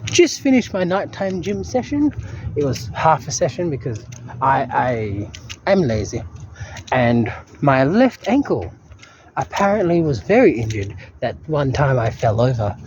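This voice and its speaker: A man's voice: mid-range voice, big pitch swings, a little slow, a little mellow, lo-fi sound, slight background noise. A young man, rambling through a dry, self-mocking video diary. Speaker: vlogger.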